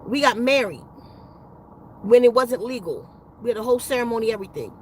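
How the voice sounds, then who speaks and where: A woman's voice: a little high, animated, a little fast, a little hiss or hum, poor audio. A woman casually telling a rambling personal story, profane and full of slang and restarts. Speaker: spiritual vlogger.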